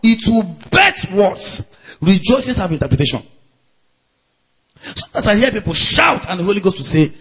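A man preaching a sermon to a live congregation, laughing out loud and shouting chanted refrains. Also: high voice, sing-song, moderate pace, long pauses, husky.

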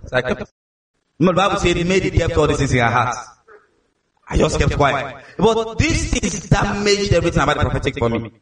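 Nigerian preacher in an echoey hall. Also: male voice, fairly high pitch, a little fast, far from the mic. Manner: lively storytelling with repeated words. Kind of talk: sermon.

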